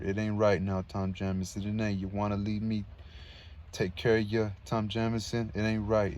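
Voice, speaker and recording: A man voicing a wounded, rambling male soldier who talks in a slow, rustic, slurred drawl. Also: on the low side, a little mellow, slight background noise, lightly acted. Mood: pleading.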